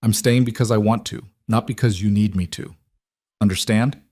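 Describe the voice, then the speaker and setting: A man reading out the notes of a mute giant ex-soldier cowboy in a low, dry voice. The words land blunt and plain, short sentence after short sentence. It stays close to a storyteller's own tone. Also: fairly even intonation, normal speed, darkish tone, dry recording. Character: silent stubborn giant ex-soldier cowboy, notes read aloud.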